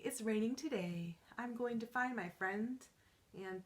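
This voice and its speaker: Librarian lady doing storytime for little kids, sing-songy and super expressive, kinda high voice, slow and drawn out. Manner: animated sing-song delivery, with gasps and counting along. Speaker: children's librarian. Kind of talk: reading picture books aloud to young children.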